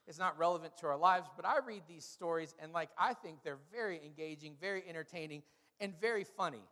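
A man with a fairly high voice delivers a sermon, telling stories with humor and lively animation. His words ring out with a long reverb, as if spoken in a large hall. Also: fairly quick. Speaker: pastor.

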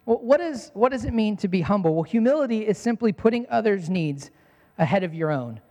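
High-voiced preaching man in a reverberant hall. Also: lively intonation, a little fast, darkish tone. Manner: earnest preaching with repeated phrases. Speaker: pastor. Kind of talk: sermon.

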